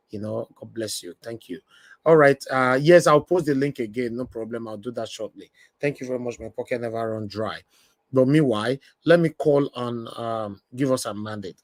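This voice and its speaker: A man's voice: medium pitch, brisk, no echo. A man with a Nigerian accent hosting an online panel talk, chatty and repeating phrases for emphasis, now and then slipping into pidgin. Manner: animated, repeats himself for emphasis, slips into pidgin. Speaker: host of an online panel show. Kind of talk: casual live-stream talk.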